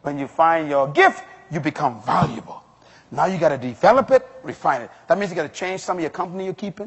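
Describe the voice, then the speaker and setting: A man's voice: on the high side, expressive, fast, breathy edge. A male pastor delivering an emphatic sermon to a congregation, rising to strong exclamations. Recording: long hall reverb.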